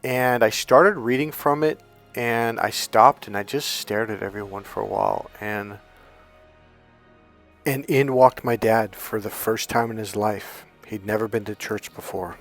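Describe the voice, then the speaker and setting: Animated male dating coach telling a story. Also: on the low side, measured pace, creaky, faint music behind. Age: young adult. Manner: animated, swears and acts out quotes. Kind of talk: casual storytelling monologue.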